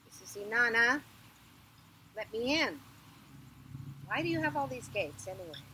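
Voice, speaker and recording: A woman's voice: fairly high pitch, very animated, fast talker, very noisy. A woman playing an indignant queen. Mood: demanding. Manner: indignant, demanding. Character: proud, commanding young queen.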